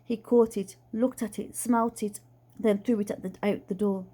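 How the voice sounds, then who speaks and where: A woman reading a children's book aloud in a plain, steady storytelling way. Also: mid-range voice, moderate pace, breathy edge. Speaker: reader.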